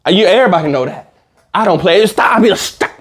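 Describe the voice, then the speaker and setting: A man doing comedic reaction commentary in an animated, profane rant. His voice sits a little high and swings widely in pitch, rising sharply when he gets worked up. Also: rapid-fire, slightly rough. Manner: animated, ranting, slangy and profane.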